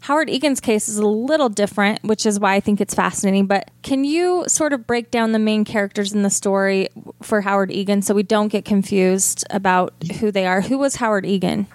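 A woman's voice: mid-range voice, fairly quick, hardly any pauses. A woman hosting a podcast, introducing her guest and asking questions in an eager, conversational way. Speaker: podcast host. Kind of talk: podcast interview.

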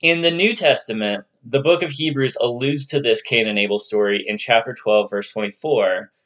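A man's voice: mid-range voice, moderate pace, fairly bright tone, muffled recording. A man giving an explanatory lecture on religious texts, in a conversational tone with the odd playful aside. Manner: conversational, occasionally puts on playful voices for quoted figures.

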